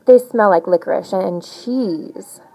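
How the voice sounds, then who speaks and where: A woman reading a rhyming picture book aloud in an animated, sing-song storytelling manner. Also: medium pitch, slow, rough recording. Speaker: storybook reader.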